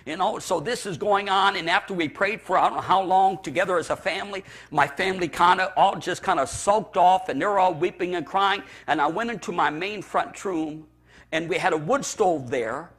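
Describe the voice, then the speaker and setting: A man's voice: sits high, moderate pace, fairly bright tone, slightly rough. A man from the Chicago area, a pastor preaching a personal testimony, telling it with emotion and stammered repeats. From Chicago area, USA.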